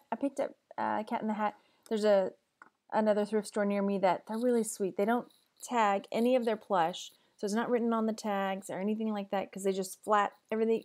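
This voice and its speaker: A woman from Texas who resells online, chatting in a casual vlog and calmly running through each item's price and net profit. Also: medium pitch. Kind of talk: casual sales update vlog.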